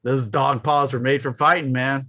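A man's voice: medium pitch, steady tone, normal speed, sharp tone, no echo. A man in casual chat who animates his stories by acting out voices, swearing casually.

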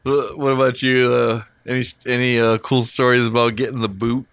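A man's voice: medium pitch, a little fast, clean tone. A man casually telling a long story to a co-host, swearing a lot and laughing as he goes. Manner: profane, laughing, animated retelling.

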